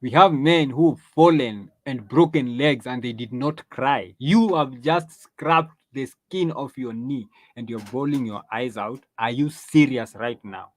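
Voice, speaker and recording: A man's voice: medium pitch, a little slow, few pauses, no echo. A man hosting an opinion monologue, lecturing emphatically, drawing out stressed phrases, with frequent restarts and rhetorical questions. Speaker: host.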